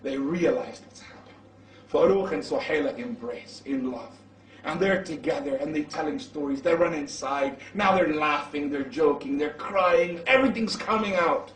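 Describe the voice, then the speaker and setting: A man preaching in the style of a storytelling sermon, animated as he acts out the dialogue. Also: on the high side, moderate pace, recorded from a distance. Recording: roomy echo from off-mic.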